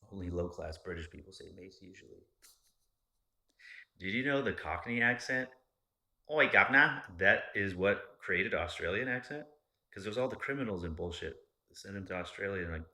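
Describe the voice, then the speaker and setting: Deep-voiced, profane man rambling casually. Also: bright, forceful tone. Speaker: podcast host. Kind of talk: casual chat.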